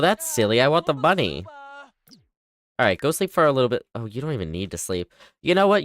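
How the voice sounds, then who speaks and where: A livestreamer giving casual running commentary on a game, chattily bossing the characters around. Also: medium pitch. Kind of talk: casual live gameplay commentary.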